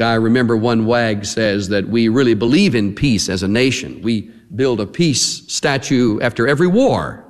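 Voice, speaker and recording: Animated male preacher in a reverberant hall. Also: medium pitch. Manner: animated, emphatic, slowing on key words. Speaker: pastor. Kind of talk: expository sermon.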